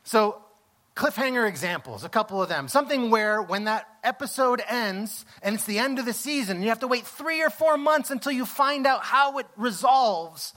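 A man with a high, bright voice preaches to his congregation. He is middle-aged and tells stories in a lively way, acting out what people said. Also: moderate pace. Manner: storytelling, animated, acts out exclamations. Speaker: pastor. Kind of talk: sermon.

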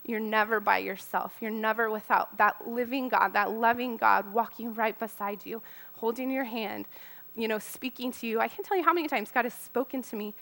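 A woman in her thirties with a slightly high, gravelly, fairly bright voice speaks at normal speed to mothers. Her conversational sermon is earnest and personal, delivered casually with frequent laughter.

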